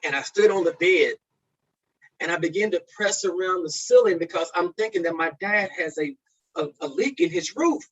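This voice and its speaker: A man sharing a personal testimony as a speaker at a men's conference, swinging from loud peaks to hushed lows. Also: expressive, normal speed, slightly rough. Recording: dull lo-fi recording.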